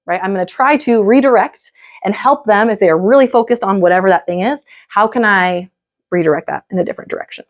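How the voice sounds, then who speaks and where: A woman's voice: mid-range voice, quick pace, lo-fi sound. Chatty woman leading a parenting workshop. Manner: casual, chatty, many "like" and "right?" fillers. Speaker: parenting coach. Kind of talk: live parenting workshop talk.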